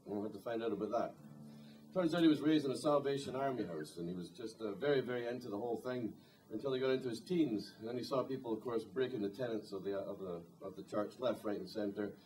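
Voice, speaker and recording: A man's voice: mid-range voice, fast talker, darkish tone, slight background noise. A man and singer-songwriter introducing a song at a live concert, telling a rambling story with dry humor. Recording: distant live concert recording, faint guitar.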